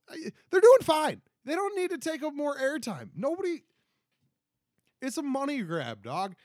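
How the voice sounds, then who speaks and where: A man's voice: high-pitched, no room sound, studio quality. A man in his twenties hosting a casual solo podcast, rambling and self-deprecating with many restarts. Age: 20s. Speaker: podcast host. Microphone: close podcast mic.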